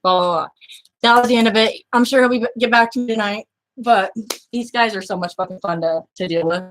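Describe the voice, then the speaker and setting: A woman's voice: fairly high pitch, brisk, a bit bright, a little hiss or hum. A woman vlogger casually retelling a chat to her viewers, blunt, crude and sarcastic. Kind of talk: casual storytelling to camera.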